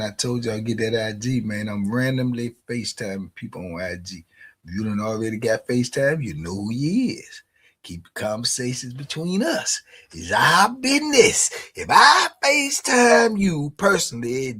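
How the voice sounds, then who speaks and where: A man's voice: medium pitch, a bit bright, breathy edge. A man hosting a live stream in casual chat. He laughs often and keeps asking "you dig?". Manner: laid-back slang talk, laughs often, asks "you dig?".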